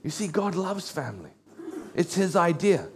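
A middle-aged man preaching a sermon, animated and storytelling, slowing down to read scripture. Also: high-pitched, background noise.

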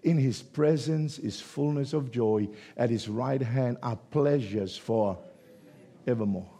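A man preaching a sermon, swinging between hushed, drawn-out lines and sudden loud shouts. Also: mid-range voice.

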